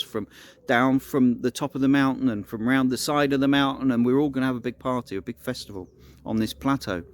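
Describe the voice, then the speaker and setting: A man's voice: medium pitch, fairly quick. A man telling an improvised story in a casual, rambling way, often restarting his sentences.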